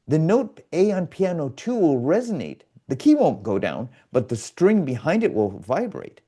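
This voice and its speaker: Mellow-voiced man explaining at length. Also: mid-range voice, huge pitch swings, moderate pace, hardly any pauses. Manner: earnest, explains with analogies, acts out quoted people. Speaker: guest, biofeedback specialist. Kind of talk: explanatory podcast interview.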